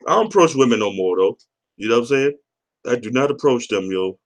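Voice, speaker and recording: A man's voice: medium pitch, animated, fairly quick. A man from the area, hosting a casual livestream chat, rambling, cursing and reading out chat comments. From Boston area. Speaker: livestream host.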